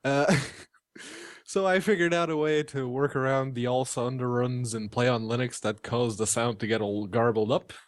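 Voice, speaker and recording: A man's voice: medium pitch, fairly even intonation, normal speed, no echo, clean studio sound. A man from Portugal co-hosting a gaming podcast, explaining a technical fix in a laid-back way. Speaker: podcast co-host. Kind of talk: casual podcast banter.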